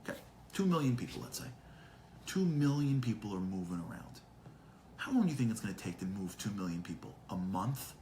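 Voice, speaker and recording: A man with a lowish voice teaches a live class, full of rhetorical questions. He quotes Hebrew texts and explains them. A faint hum sits behind him. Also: big pitch swings, fairly quick, darkish tone, low-quality recording. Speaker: Torah teacher.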